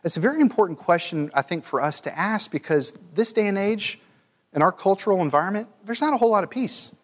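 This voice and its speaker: A man's voice: high voice, expressive, fast talker, fairly bright tone, long reverb tail. A man preaching a sermon to a room of men, earnest and building to emphatic peaks, stumbling over repeated words.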